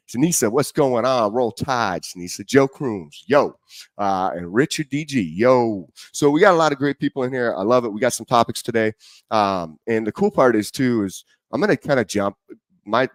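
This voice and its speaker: A man's voice: on the low side, dry recording. A man hosting a casual live stream, greeting chat viewers one by one and chatting loosely. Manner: chatty, greets viewers by name, trails off while setting up. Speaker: live stream show host.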